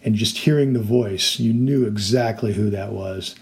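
A man's voice: on the low side, moderate pace. A man preaching a sermon as a pastor, earnest and explanatory, now and then acting out the voices in his stories.

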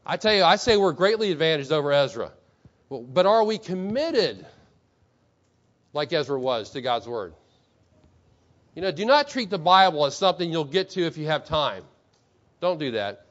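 A man's voice: a little high, sing-song, fairly bright tone. Man preaching, dull lo-fi recording. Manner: asks the congregation many rhetorical questions; reads quotations slowly with emphasis. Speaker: pastor. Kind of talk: sermon.

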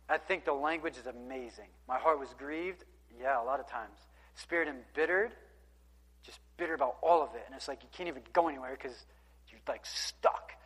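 Man, preacher, casual emphatic sermon, slightly high voice, long hall reverb. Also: fairly bright tone. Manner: conversational, emphatic, reads scripture aloud with asides.

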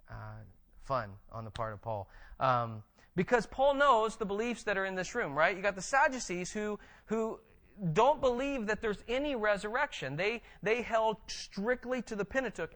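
Male pastor, higher register, animated teaching sermon with frequent restarts. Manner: conversational, animated, frequent restarts and tag questions.

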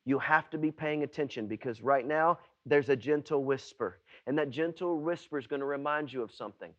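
A male pastor preaching a sermon, emphatic and repetitive, swinging between hushed and loud passages. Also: on the high side, fairly quick, hardly any pauses, highs cut off.

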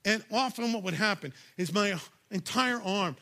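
High, bright-voiced emphatic preacher man. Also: lively intonation, normal speed, gravelly. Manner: emphatic, punchy, shouts key lines; conversational, addresses audience directly. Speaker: pastor. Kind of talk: sermon.

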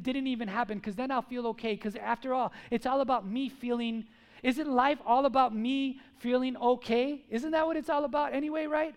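Very high-voiced man preaching. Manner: animated, many rhetorical questions. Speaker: pastor. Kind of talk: sermon. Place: church service.

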